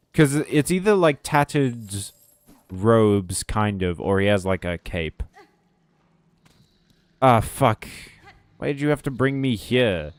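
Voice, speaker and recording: A man's voice: lowish voice, clear, resonant tone, no echo. A man streaming a game, chatting casually with viewers, joking and swearing as he plays. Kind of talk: casual gameplay commentary.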